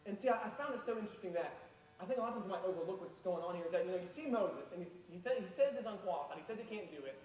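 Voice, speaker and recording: A man preaching a sermon, retelling a Bible story in a casual, animated way. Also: rapid-fire. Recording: echoey hall, far from mic, faint rumble.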